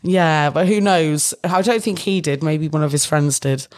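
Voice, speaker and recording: A young British woman speaks as an interview guest in a casual chat, rambling with fillers and laughing often. Her voice is low and her speed normal.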